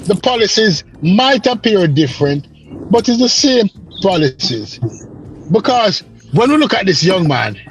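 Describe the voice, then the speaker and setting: A man from the Caribbean calling into a live stream, speaking earnestly and in a lecturing way, often repeating himself. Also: sits high. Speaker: caller on a live stream panel. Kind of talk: casual political discussion. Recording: dull lo-fi call audio.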